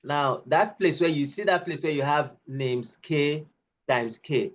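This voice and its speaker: A man's voice: fairly high pitch, unhurried, highs cut off. A man tutoring a pupil in coding, giving patient step-by-step instructions and repeating himself. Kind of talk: one-on-one online coding lesson.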